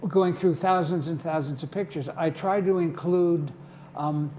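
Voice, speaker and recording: A man's voice: fairly high pitch, a little slow, warm tone. Older guy, theater volunteer, chatty stories, keeps saying okay, light hum in back. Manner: chatty, tags remarks with "okay?". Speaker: guest, community theater volunteer. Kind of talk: casual storytelling. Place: television studio.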